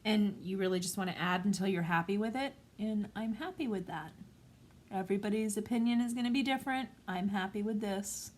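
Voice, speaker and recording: A woman in her forties talking through a craft tutorial at home in a gentle, calm, chatty way. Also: medium pitch, a little fast. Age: 40s. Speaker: craft vlogger.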